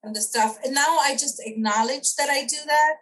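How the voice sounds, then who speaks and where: A middle-aged woman, a podcast guest, telling a personal story in casual interview chat. She is animated, acts out the voices of people she quotes and laughs often. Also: high-pitched, normal speed, rough recording.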